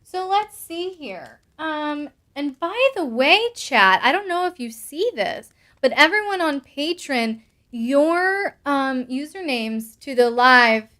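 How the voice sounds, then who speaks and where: A woman's voice: high voice, lively intonation, takes it slowly, pushed and bright. A young adult woman hosting a live stream, reading viewer comments aloud with bubbly asides and frequent laughs. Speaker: host answering patron questions.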